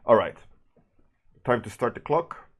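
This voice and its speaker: A man's voice: medium pitch, lively intonation, measured pace. A man casually chatting with his livestream viewers while drawing, greeting them by name and trailing off mid-sentence. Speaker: streaming artist.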